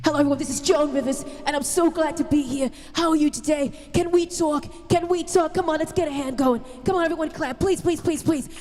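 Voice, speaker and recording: A woman impersonating a brash older female celebrity comic who bosses and teases the audience in quick patter. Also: high voice, steady tone, darkish tone, soft background music, pitched above the performer's own voice, close to an everyday voice. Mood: pushy. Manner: bossy, rapid wisecracking patter to the audience. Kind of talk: stand-up impression. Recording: long hall reverb.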